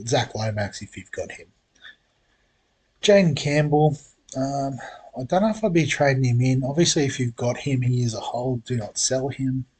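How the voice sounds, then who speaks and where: Husky man talking fantasy picks. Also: medium pitch. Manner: relaxed, thinks aloud with many ums and uhs. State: has the hiccups. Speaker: fantasy sports channel host. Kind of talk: casual solo preview talk.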